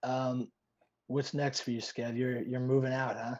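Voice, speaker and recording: A man with a mellow, dark tone, heard through dull, lo-fi video call audio. He co-hosts a podcast in casual chat, ribbing his partner with jokes and curses. His pitch sits right in the middle for a man. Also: flat delivery. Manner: joking, quick to rib and curse. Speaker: podcast co-host.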